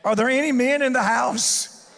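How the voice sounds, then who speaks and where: Male pastor, sermon, call and response with congregation, very high pitch, long church reverb. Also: fairly even intonation, moderate pace, gravelly, a bit bright. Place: church sanctuary.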